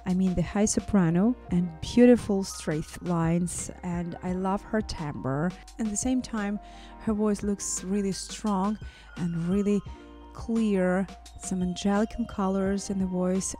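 A woman's voice: on the low side, warm tone. A woman who is a vocal coach and singer, giving gushing, effusive song reaction commentary.

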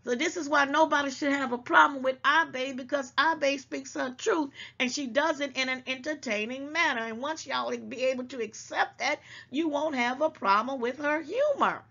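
A woman with a gravelly, fry-heavy voice gives casual, emphatic commentary straight to her viewers. She lectures a little as she talks and keeps calling them baby. The sound is dull and lo-fi. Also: high-pitched, normal speed, hardly any pauses, sharp tone. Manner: emphatic and preachy, calls listeners baby. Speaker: channel host.

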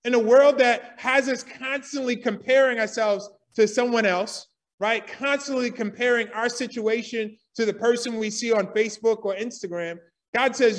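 A man's voice: very high-pitched, fairly even intonation, moderate pace, recorded from a distance. A man preaching a sermon in church, emphatic, often asking the congregation "right?".

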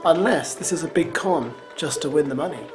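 A man's voice: fairly high pitch, fairly quick. Sarcastic man reacting over music. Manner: sarcastic, teasing running commentary. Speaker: reaction commentator. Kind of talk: reaction commentary. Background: show soundtrack music.

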